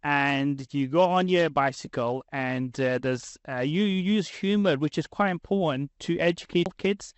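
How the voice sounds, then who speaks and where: Podcast host guy, earnest, kinda high voice, keeps restarting his sentences, dry sound. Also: a little slow, hardly any pauses, clear, resonant tone, no echo. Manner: earnest, many fillers and restarts. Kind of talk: casual conversation.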